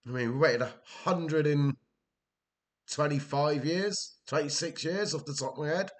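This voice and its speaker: A man's voice: on the high side, moderate pace. Exasperated Welsh man commenting on gameplay. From Wales. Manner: exasperated, swearing, talking to himself.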